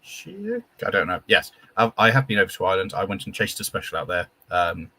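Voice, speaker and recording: Husky low-voiced man chatting on a stream. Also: quick pace, bright, forceful tone. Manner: chatty, stumbling restarts, enthusiastic about engines. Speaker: guest. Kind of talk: casual live-stream chat.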